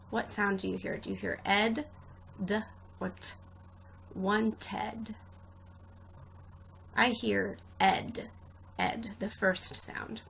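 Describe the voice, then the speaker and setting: A woman's voice: mid-range voice, creaky, a bit bright, slight background noise, poor audio. A woman teaching a recorded spelling lesson, explaining patiently step by step with frequent "um"s. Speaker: spelling tutor.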